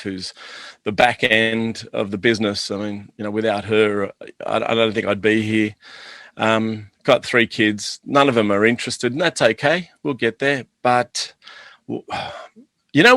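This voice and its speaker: A man's voice: on the low side, fairly bright tone, no echo. A middle-aged man, a guest on an interview, enthusiastically telling rambling anecdotes about his business. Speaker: guest, chocolate business owner. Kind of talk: casual interview storytelling.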